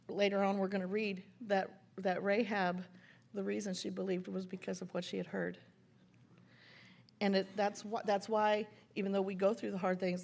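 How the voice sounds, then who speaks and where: A woman's voice: mid-range voice, creaky. Woman preaching at a church conference. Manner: animated, laughs while telling stories. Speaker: women's conference speaker. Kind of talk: sermon with scripture reading and storytelling.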